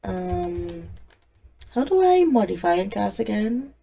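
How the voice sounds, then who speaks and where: A woman's voice: mid-range voice, very animated, takes it slowly, gravelly, warm tone. A woman giving casual let's-play commentary, chatting away and talking to the game characters. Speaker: gaming creator.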